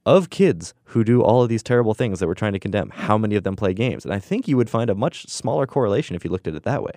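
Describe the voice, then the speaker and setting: A man's voice: on the low side, expressive, quick pace, warm tone, no echo, clean studio sound. A young man co-hosting a casual discussion, rambling and musing, often laughing. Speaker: podcast co-host.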